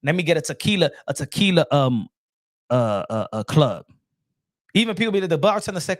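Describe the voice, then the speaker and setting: A man's voice: a little high, sing-song, a little fast, long pauses, no room sound, studio quality. A man hosting a boxing channel, talking in a casual, rambling monologue full of slang, restarts and emphatic repetition.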